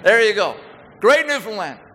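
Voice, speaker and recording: In a reverberant hall before an audience, a middle-aged military leader delivers an anecdote-filled speech in a folksy, chatty way. His high-pitched, sharp voice swings widely in pitch while keeping a normal speed.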